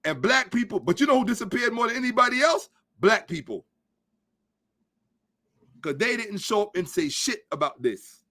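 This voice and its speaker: A man's voice: high-pitched, sing-song, normal speed, pauses often, sharp tone. A man hosting a podcast, giving a blunt, profane, emphatic commentary monologue and lecturing his listeners. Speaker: podcast host. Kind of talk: ranting social commentary monologue.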